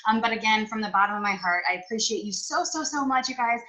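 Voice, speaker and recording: A woman's voice: on the high side, quick pace, pushed and bright, rough recording. A woman hosting a live-stream interview who talks in a bubbly, gushing way with lots of fillers. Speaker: host.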